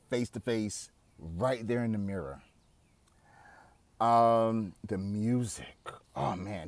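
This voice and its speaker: A man's voice: on the low side, darkish tone, no room sound. A man in his forties giving a candid, conversational self-help talk that is laced with swearing. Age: 40s. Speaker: podcast host. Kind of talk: casual self-help monologue.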